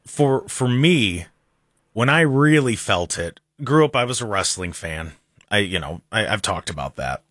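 A man's voice: on the low side, animated, measured pace, a bit bright, no room sound. Earnest talk show host guy, keeps restarting his sentences, dry sound. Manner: earnest, repeats and restarts words when talking. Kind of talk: casual talk show chat.

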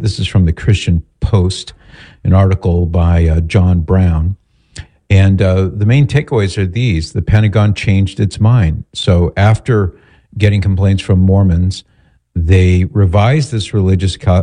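A man's voice: low voice, dark tone. A man hosting a morning radio talk show, talking casually with fillers and small restarts.

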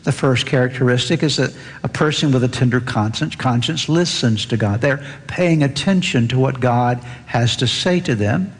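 Earnest male preacher in reverberant hall. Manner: earnest, rises in pitch reading scripture aloud. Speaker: pastor. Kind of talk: sermon.

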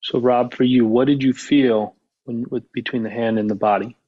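A man coaching golfers on a podcast, guiding a mindfulness exercise in calm, measured phrases. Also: medium pitch, dry recording, muffled recording. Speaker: golf mental coach, author.

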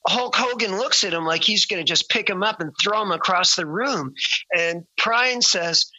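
A man with a very bright, sharp voice tells an anecdote with gusto and slips into the voices of the people in it. The sound is dry and close, with no room around it, and the recording is a little dull and lo-fi. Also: high-pitched, moderate pace, no room sound. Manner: lively storyteller who acts out quoted voices. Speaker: musician and author. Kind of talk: telling an anecdote.

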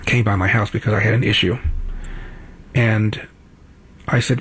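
A man's voice: fairly low pitch, steady tone, normal speed, a bit bright, husky. A man in his seventies hosting a talk show, delivering a blunt, opinionated monologue in a studio and repeating his points for emphasis. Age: 70s.

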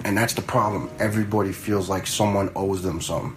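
A man's voice: on the low side, fairly even intonation, fairly quick, few pauses, low-quality recording. A man in his fifties, a retired fire lieutenant, telling stories in a blunt, conversational way with some swearing. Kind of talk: casual storytelling.

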